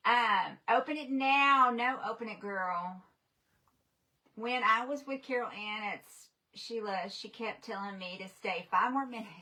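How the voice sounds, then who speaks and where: A woman chatting casually on a livestream, greeting viewers by name. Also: fairly high pitch. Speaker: livestream host. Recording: distant from the mic, faint noise.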